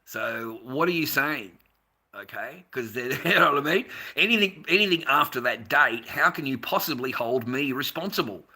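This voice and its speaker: An Australian man on a live stream, rambling and confrontational, swearing freely and veering from low muttering to loud outbursts. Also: animated, moderate pace. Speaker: livestreamer.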